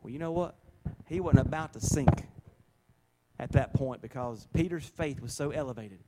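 A man's voice: medium pitch, moderate pace, very noisy. A man preaching a sermon, telling stories in an emphatic, folksy way and repeating phrases for stress.

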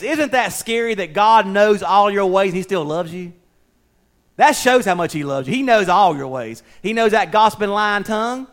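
Pastor guy preaching, high voice, goes big then drops real quiet, folksy, restarts a lot. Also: expressive, moderate pace. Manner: swings from loud preaching to soft, near-whispered asides; folksy, conversational, with slips and restarts. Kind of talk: sermon.

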